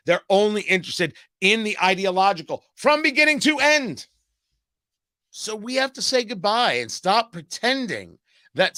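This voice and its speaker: A man's voice: a little high, pushed and bright, no room sound, clean studio sound. A man hosting a political commentary show, talking in a sarcastic, emphatic way. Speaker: host.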